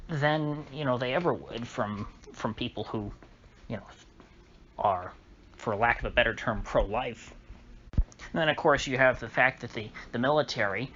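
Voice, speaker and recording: A man hosting a solo political commentary monologue, talking in a halting way with frequent restarts and an indignant tone. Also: medium pitch, fairly bright tone. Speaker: channel host. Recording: slightly dull recording with faint noise.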